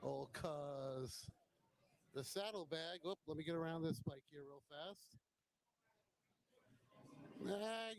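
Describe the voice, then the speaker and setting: A man's voice: on the high side, poor audio. A man hosting a motorcycle vlog, walking around a bike show with a handheld camera and giving casual, admiring commentary on each bike, now and then swearing bluntly. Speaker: motovlog host.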